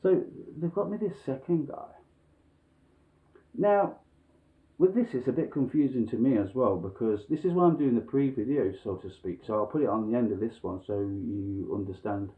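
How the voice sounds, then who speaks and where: A man telling a long grievance story at home, blunt and sweary, chuckling between complaints. His voice sits at an ordinary middle pitch. The sound is thin and phone-like. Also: normal speed. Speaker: vlogger. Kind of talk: casual ranting monologue.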